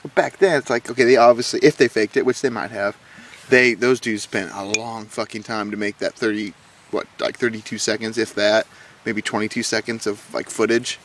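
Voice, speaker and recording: Male co-host, excitable rambler, loose podcast conversation. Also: fairly low pitch, a little fast, a little hiss or hum. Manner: rambling, excitable, many restarts. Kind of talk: casual chat.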